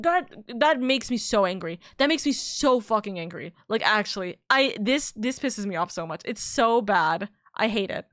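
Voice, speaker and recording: A woman's voice: mid-range voice, lively intonation, moderate pace, few pauses, a bit bright, dry recording, clean studio sound. A woman streamer in a heated, casual rant, swearing freely and restarting her sentences.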